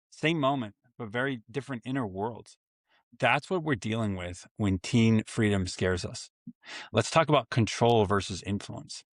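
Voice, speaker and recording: A man's voice: mid-range voice, moderate pace, fairly bright tone, no room sound, studio quality. A man in his forties hosting a solo parenting podcast, earnest and reflective, with self-mocking asides. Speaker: podcast host for fathers.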